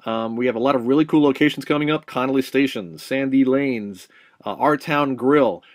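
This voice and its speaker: A man's voice: medium pitch, normal speed, no echo, clean studio sound. A man hosting a casual behind-the-scenes vlog about his film, chatty and rambling. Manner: chatty, rambling, self-promoting. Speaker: host and filmmaker.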